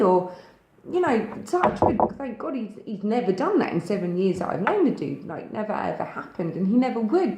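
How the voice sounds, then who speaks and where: A woman's voice: medium pitch, mellow, reverberant, poor audio. A woman with a Thanet accent from Kent, talking straight to camera as a spiritual video host in a frank, emphatic way that swears freely. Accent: English, Thanet in Kent. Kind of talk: casual direct-to-camera talk.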